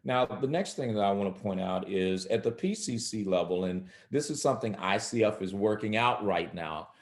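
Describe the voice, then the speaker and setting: A man explains coaching methods in a calm, measured way and voices example phrases along the way. His voice sits low. The recording has a roomy echo. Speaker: coaching expert guest. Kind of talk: instructional interview talk.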